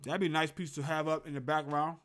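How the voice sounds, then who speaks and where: A man's voice: fairly high pitch, little pitch movement, fast talker, a bit bright. Chatty young man hosting a game stream. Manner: rambling, chatty, talks to viewers in chat. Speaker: sports show host. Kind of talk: casual live game reaction stream. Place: at home in a room with a closet.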